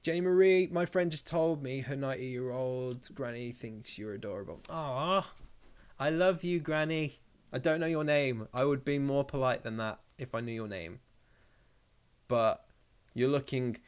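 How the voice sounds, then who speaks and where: A man's voice: mid-range voice, normal speed, clear, resonant tone. A man hosting a casual live stream, reading out viewer comments and joking around in a rambling way, swearing freely.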